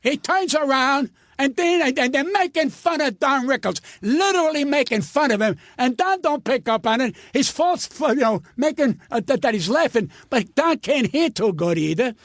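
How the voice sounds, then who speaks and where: A man's voice: very high voice, lively intonation, normal speed, hardly any pauses, a bit bright, dry recording, studio quality. An older man, a comedian guest, telling stories in an indignant, profane, stammering rant. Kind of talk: ranting storytelling.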